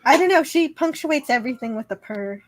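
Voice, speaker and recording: A woman's voice: high-pitched, animated, brisk. A woman co-hosting a casual review chat, upbeat and teasing. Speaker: podcast co-host.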